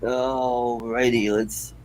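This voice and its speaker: A man speaking as a low-key guest on a video call panel. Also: little pitch movement, extremely slow, a crowd in the background, rough recording. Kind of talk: casual chat.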